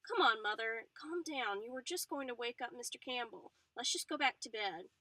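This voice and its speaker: A woman's voice: fairly high pitch, lively intonation, normal speed, bright, forceful tone, no room sound. A woman voicing a tired middle-aged woman who speaks in a soothing but firm way. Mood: weary. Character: weary middle-aged woman calming her mother.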